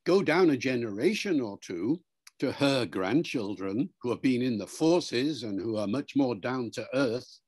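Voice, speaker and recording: A man's voice: mid-range voice, animated, darkish tone, no room sound. Older man with mixed Welsh-British accent. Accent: mixed British, Welsh and Liverpool with some RP. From Wales. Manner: measured, lecturing, demonstrates sounds aloud. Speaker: professor. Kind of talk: interview answers, explaining accents.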